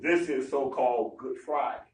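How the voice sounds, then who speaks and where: Here the man's medium-pitched voice moves at a moderate pace, distant from the mic in an echoey gathering room with a bit of hiss or hum. Leading a Bible study like an animated sermon, he uses slang, speaks with emphasis, and plays the people in the story.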